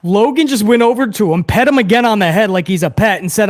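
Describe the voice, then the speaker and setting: A man's voice: sits high, brisk, few pauses. A man hosting a live watch-along review, ranting heatedly to his chat with plenty of swearing. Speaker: host of a wrestling review show.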